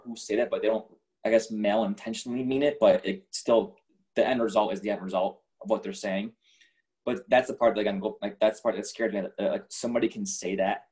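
A man's voice: fairly low pitch, darkish tone. A man in a casual podcast chat, rambling and restarting his sentences, with many fillers.

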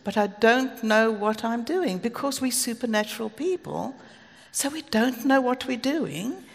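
A woman's voice: on the high side, vocal fry. A South African woman preaching a sermon, telling stories earnestly with asides. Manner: earnest, storytelling, with asides and light laughs. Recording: long hall reverb.

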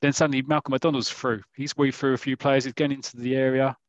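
A man's voice: mid-range voice, level tone, quick pace. A man with a South East London accent, telling a comic story as rambling mock football commentary on a podcast. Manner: rambling, with self-interrupting restarts and asides. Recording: dull lo-fi recording.

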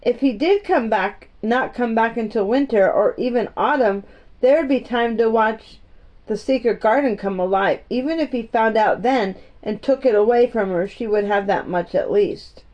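A woman reading a children's story aloud in a gentle, homey storytime manner. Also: a little high, normal speed. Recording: muffled lo-fi recording.

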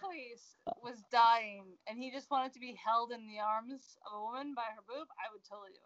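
High-voiced animated woman, lo-fi. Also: moderate pace, dry recording. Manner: animated, joking, trails off mid-sentence. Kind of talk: casual movie chat.

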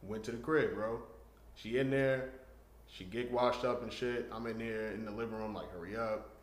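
A man co-hosting a podcast, telling a story in casual, profane, animated chat. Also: fairly low pitch, moderate pace. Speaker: podcast co-host. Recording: roomy echo.

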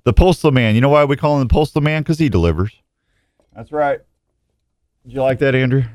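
A man's voice: mid-range voice, animated, fairly quick, a little mellow, no room sound, clean studio sound. A middle-aged man hosting a casual morning radio show, rambling and self-mocking with lots of restarts and jokes. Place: radio station studio.

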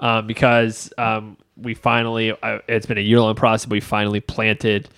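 A man's voice: fairly low pitch, completely flat delivery, moderate pace, gravelly, a bit bright, dry recording, clean studio sound. A man co-hosting a casual podcast chat, a pastor who trades teasing asides and laughs. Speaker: co-host, church planter pastor.

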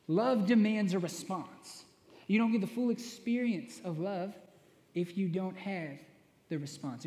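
A man's voice: high-pitched, a little mellow. A young man preaching a sermon, telling playful self-mocking stories and often asking "right?". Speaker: worship minister preaching. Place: church sanctuary. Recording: echoey long hall reverb.

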